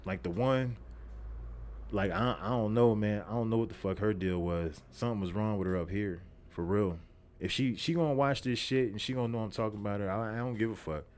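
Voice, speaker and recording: A man's voice: fairly low pitch, fairly quick, darkish tone. A young man, hosting a podcast and telling a story in a profane, repetitive, streetwise way. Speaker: podcast host. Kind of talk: casual storytelling monologue.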